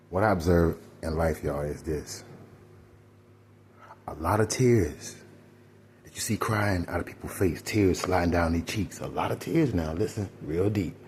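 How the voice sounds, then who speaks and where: Deep-voiced man preaching casually. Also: measured pace, long pauses, darkish tone, a little hiss or hum. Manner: preachy, rambling, addresses listeners as y'all. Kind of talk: casual spiritual monologue.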